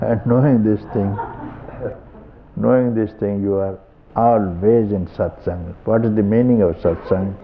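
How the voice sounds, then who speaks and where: An older Indian man speaks slowly and deliberately in a satsang, circling back to the same phrases with soft chuckles. His voice sits low and unhurried, with a faint hiss under it. The whole thing comes through a thin, phone-like archival tape recording. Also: steady tone. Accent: Indian English. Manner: slow, repetitive, gently chuckling. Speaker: spiritual teacher. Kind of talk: satsang talk.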